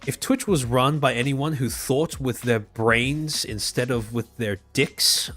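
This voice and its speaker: An Australian man streams and comments in a dry, mocking way, his pitch bouncing all over as he rambles on. Soft music plays faintly behind him. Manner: sardonic, rambling. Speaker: streamer host. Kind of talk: casual live-stream commentary.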